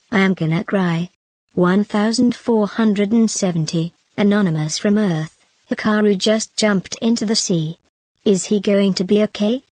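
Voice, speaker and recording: A woman narrating a web novel, reading out numbered chat comments in a steady, listing delivery. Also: medium pitch, no echo.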